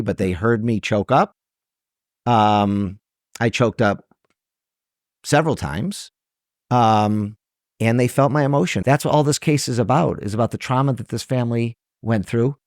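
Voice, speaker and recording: A man's voice: mid-range voice, a little mellow, no room sound, studio quality. A man, a trial lawyer guest on a podcast interview, speaking earnestly and emotionally, his voice rising when he stresses a point.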